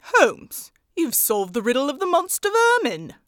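A woman doing an excitable Victorian doctor. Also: high voice, measured pace, dry recording, clean studio sound, pitched above the performer's own voice, heavily acted. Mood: eager. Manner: eager, exclamatory, questioning. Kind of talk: audiobook character voice.

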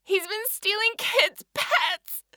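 Woman doing a frantic ten-year-old girl, high tearful cries, storybook reading, dry sound. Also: expressive, slow pace, bright, forceful tone, no echo, full character voice. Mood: desperate.

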